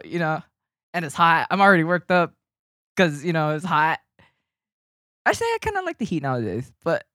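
Animated swearing man telling a story. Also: fairly high pitch, no room sound, studio quality. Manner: animated, swearing, laughs often, gets loud when worked up. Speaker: podcast co-host telling a story. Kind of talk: casual chat.

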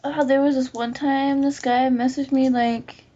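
A woman's voice: high-pitched, a little slow. Profane, chatty young-sounding woman. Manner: profane, animated storytelling with lots of "like". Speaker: podcast host. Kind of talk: casual group chat, storytelling. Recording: lo-fi muffled recording.

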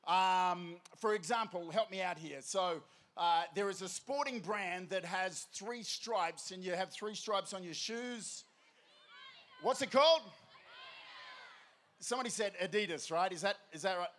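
A man in his forties with an Australian accent, addressing a large festival crowd from the stage in an energetic, jokey call-and-response style, often shouting. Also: sits high, moderate pace. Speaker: festival speaker.

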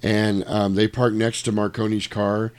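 A man casually retelling a movie plot in chat, animated and swearing, acting out lines in put-on voices. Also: lowish voice, unhurried, clear, resonant tone.

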